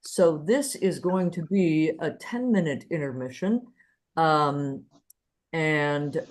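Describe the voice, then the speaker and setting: A woman hosting an online show over a video call, chatty and full of ums and uhs. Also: low-pitched. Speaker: host.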